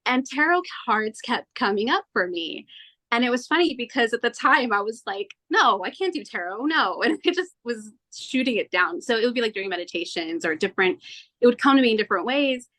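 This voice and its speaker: A woman being interviewed as a tarot reader, telling her story in an earnest, animated way and acting out her own past thoughts. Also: a little high, a little fast. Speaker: tarot reader, podcast guest.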